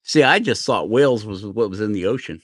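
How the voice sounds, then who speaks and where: A man's voice: on the low side, expressive, a little fast, fairly bright tone, no room sound, clean studio sound. A middle-aged man from New Jersey, chatting casually and rambling as he hosts a woodcarving livestream, laughing at himself now and then. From New Jersey, USA. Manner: rambling, self-deprecating, laughs often. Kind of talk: casual chat while carving.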